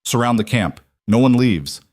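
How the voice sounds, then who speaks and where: A man's voice: mid-range voice, animated, moderate pace, darkish tone, dry recording, clean studio sound, lightly acted. A man voicing a cold, ruthless male militia captain who gives orders curtly. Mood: cold command. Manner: curt, commanding.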